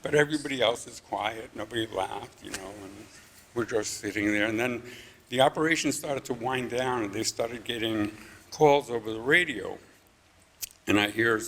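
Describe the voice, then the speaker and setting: Gravelly low-voiced man telling a story. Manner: dry, understated, deadpan humor. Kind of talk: live story slam telling. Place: live event stage.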